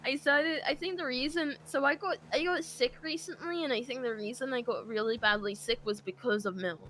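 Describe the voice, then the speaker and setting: Giggly, bright-voiced young woman. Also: high-pitched, fairly quick, slight background noise. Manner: giggly, teasing. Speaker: roleplay player. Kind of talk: casual in-character roleplay chat.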